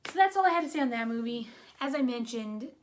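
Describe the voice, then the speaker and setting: Chatty higher-voiced woman reviewing a movie. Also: fast talker. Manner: animated retelling, exasperated asides, frequent "like".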